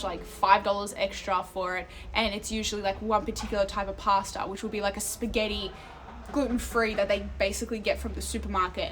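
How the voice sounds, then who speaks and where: A woman's voice: mid-range voice, fairly bright tone, slight background noise. Chatty young woman streaming outdoors. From Australia. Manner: chatty, sidetracked, swears casually, reads chat aloud. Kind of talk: casual chat to a live chat. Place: outdoors in an Italian town, walking.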